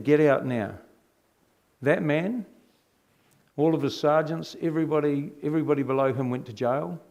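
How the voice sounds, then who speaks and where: With a mid-range voice touched by vocal fry, a middle-aged New Zealand man shares his testimony as a story. He's animated and regularly poses rhetorical questions to the audience.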